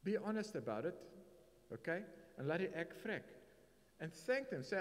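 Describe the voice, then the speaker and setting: A man's voice: high-pitched, big pitch swings, moderate pace. Emphatic South African male preacher. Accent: South African English. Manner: emphatic preaching with rising bursts and Afrikaans asides. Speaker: pastor. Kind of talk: sermon. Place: church hall. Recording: reverberant church hall.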